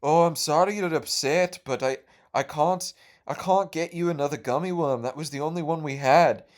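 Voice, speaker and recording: A man's voice: fairly high pitch, moderate pace, voice pushed up, natural voice. A man voicing a flustered female camp counselor who speaks in a put-on accent and sounds hesitant and apologetic.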